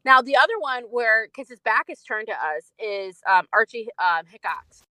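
A woman's voice: fairly high pitch, lively intonation, moderate pace, pushed and bright, no echo, poor audio. A woman co-hosting a podcast, chatting casually about a film with lots of fillers. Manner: chatty, many fillers and laughs. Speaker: podcast co-host.

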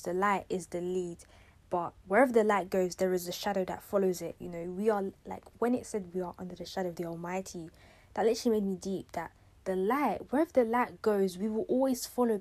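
Young woman, podcast host, animated and slangy, casual faith chat. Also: mid-range voice. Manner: animated, chatty, slangy and emphatic. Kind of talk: casual faith-based self-care talk.

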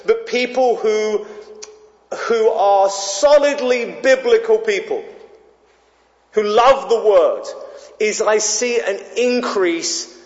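A man's voice: sits high, slow, a little mellow. A man preaching a sermon as a pastor, conversational and given to digressions. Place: church. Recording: echoey hall, dull sound.

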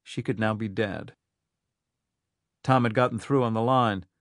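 A man narrating a thriller audiobook in a steady, even storytelling manner. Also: lowish voice, measured pace, no echo, clean studio sound.

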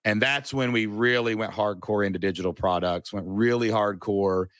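A man's voice: on the low side, normal speed, no room sound. Earnest man telling a story, dry sound. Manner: animated, earnest, folksy storyteller. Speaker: podcast guest. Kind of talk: casual storytelling.

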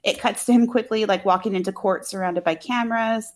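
A podcast co-host with a medium-pitched voice and a slightly fast pace recaps a movie on a casual talk show. She's chatty and sarcastic, full of fillers, with an occasional swear.

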